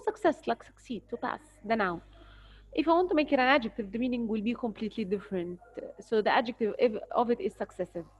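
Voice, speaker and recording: Teacher woman spelling out words patiently. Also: a little high. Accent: Egyptian. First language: Arabic. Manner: patient, repeats words and spells them out letter by letter. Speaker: English teacher. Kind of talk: recorded spelling lesson. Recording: dull lo-fi recording.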